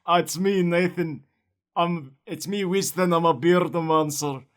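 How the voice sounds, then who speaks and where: Man plays a male wizard with a big beard, thick-mouthed slow drawl, a bit higher. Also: fairly even intonation, a bit bright. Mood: earnest. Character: bearded male wizard with a sticky mumbling accent.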